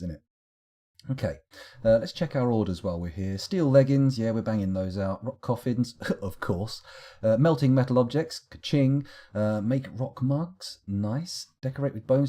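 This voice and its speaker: A man's voice: on the low side, dark tone, husky. A young man streaming a game live, rambling through wry, self-correcting musings as he plays.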